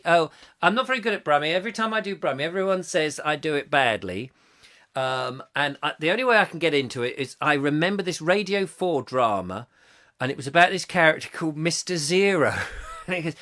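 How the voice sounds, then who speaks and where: A man's voice: a little high, expressive, bright, forceful tone. A middle-aged man hosting a live comic chat show, reading out viewer comments in a playful, rambling way. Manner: playful, rambling, quick to slip into silly voices.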